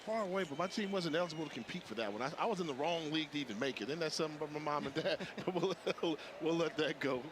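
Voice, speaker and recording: A man's voice: on the high side, rapid-fire, hardly any pauses. Chatty male football analyst on broadcast. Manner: conversational, storytelling. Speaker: color analyst. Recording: TV broadcast audio with background noise.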